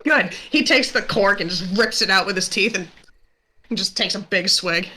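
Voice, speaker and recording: Tabletop player, boisterous, hearty, bright voice. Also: medium pitch, normal speed.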